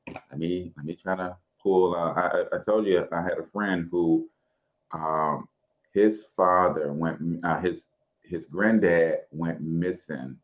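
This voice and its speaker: A man's voice: sits low, steady tone, slow, phone-quality sound. A man from St. Louis with a local accent, talking in a casual podcast, reflective and hesitant, with many fillers and restarts.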